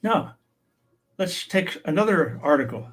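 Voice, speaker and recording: A man's voice: high voice, animated, measured pace, fairly bright tone. A man teaching a language lesson, saying each word and then its meaning, with light humor. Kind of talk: slow explanatory language lesson.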